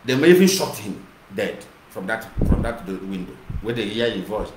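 A man's voice: on the low side, animated, moderate pace. A man with a Nigerian Igbo accent giving an impassioned monologue, mixing English and Igbo and repeating himself. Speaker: activist broadcaster. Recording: echoey room with clear noise.

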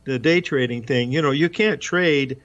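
A man's voice: mid-range voice, normal speed, fairly bright tone. A man speaking as a trading guest on a radio show, easygoing and full of fillers. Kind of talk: radio interview. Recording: dull lo-fi line.

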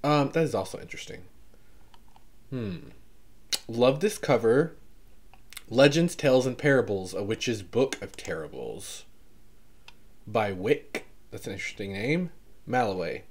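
A man's voice: fairly low pitch, a little slow, long pauses. A man with a mild Southern accent, chatting casually on his vlog as he reads book blurbs aloud, exclaiming and coughing now and then from allergies. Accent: Southern US, toned down. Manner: animated, exclaims, skims text with filler. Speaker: vlogger browsing a book catalog.

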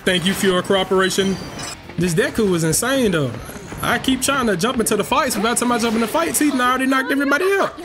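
A man streams gameplay on his channel, trash-talking playfully in slang and joking with the people watching. He talks at a quick pace in an extremely high-pitched voice.

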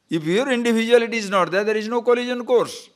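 A man giving a spiritual discourse to a live class, asking rhetorical questions and acting out little shouted scenes. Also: very high-pitched. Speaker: spiritual teacher.

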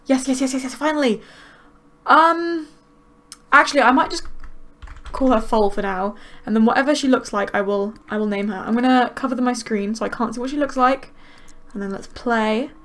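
Woman, casual gameplay commentary host; high voice, excitable, gushing. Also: moderate pace. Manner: excitable, gushing, squeals with delight. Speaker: gaming video host.

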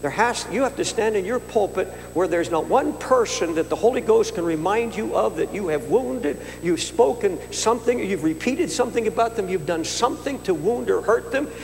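A man's voice: sits high, animated, normal speed, vocal fry, few pauses, darkish tone. An older man in his seventies preaching a sermon at a conference, telling a personal story in an earnest way, stammering and restarting at times. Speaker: pastor. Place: large conference hall. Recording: echoey hall with faint hum.

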